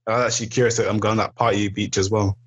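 A young man in relaxed casual chat, chuckling along with his friend. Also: fairly low pitch, very fast, husky, muffled recording.

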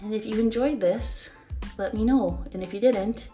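A young woman tells a story on her own podcast in a loose, chatty way, full of fillers and quick laughs. Her voice sits at an ordinary middle pitch. Faint music plays quietly behind her. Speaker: podcast host. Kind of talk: casual storytelling monologue.

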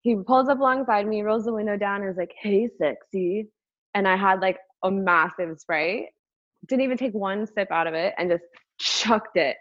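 A woman telling a personal story in casual talk, animated, full of "like" fillers and swearing. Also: mid-range voice, moderate pace, dry recording, dull audio.

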